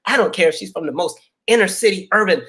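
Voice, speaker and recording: A man's voice: high-pitched, lively intonation, fast talker, sharp tone. A man voicing a snooty young woman from a reality show who talks down to others. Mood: condescending. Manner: prissy, condescending.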